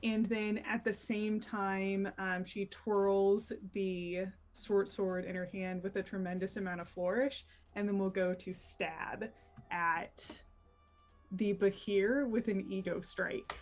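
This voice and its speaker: A woman's voice: medium pitch, level tone, faint music behind. A woman player describing her character's moves in a tabletop game, taking her time with hesitant fillers. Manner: unhurried, hesitant narration.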